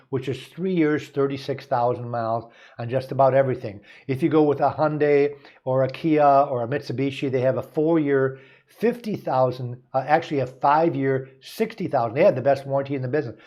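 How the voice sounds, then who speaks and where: A man's voice: medium pitch, a little mellow, lo-fi sound. A man from the United States who hosts a show as a car dealer. He gives casual advice, partly reads aloud, and rambles folksily with many asides and restarts.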